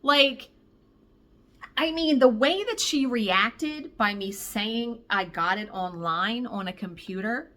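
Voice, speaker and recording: A woman cross-stitch vlogger telling a story in a casual, animated, exasperated way, swearing freely. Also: fairly high pitch, slow, a little hiss or hum.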